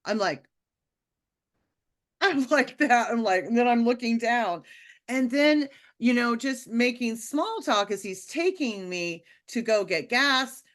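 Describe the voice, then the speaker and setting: Woman, fairly high voice, casual storytelling, animated, laughs often. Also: takes it slowly. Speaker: podcast guest telling a testimony.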